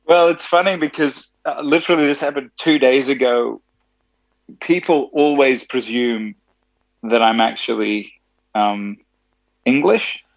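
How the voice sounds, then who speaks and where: Australian-Tennessee male musician, gravelly and dry, chatty storyteller. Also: mid-range voice, measured pace, no echo, muffled recording. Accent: Australian with some Tennessee. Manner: chatty, laughs easily, animated storytelling. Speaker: musician guest. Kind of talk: casual phone interview.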